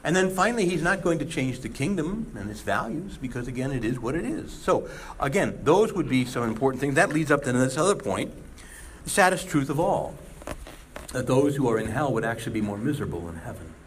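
A man, a priest, giving a conversational sermon with animated asides. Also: mid-range voice, a little fast, slight background noise. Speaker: Catholic priest. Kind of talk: sermon talk.

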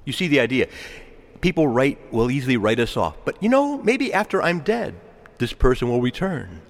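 A male priest giving a sermon, talking with animated swings in pitch and volume, adding asides and small laughs. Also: moderate pace. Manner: animated preaching with wide swings, chuckles and asides. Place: large church. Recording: long church reverb.

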